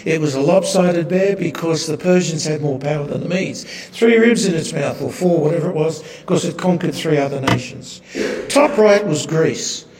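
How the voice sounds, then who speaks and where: Walking through his slides at a moderate pace, the Bible teacher gives a sermon-like lesson in a wry, slightly high voice with a darkish tone. He keeps adding rhetorical tag questions, and the sound rings with the long reverb of a big hall.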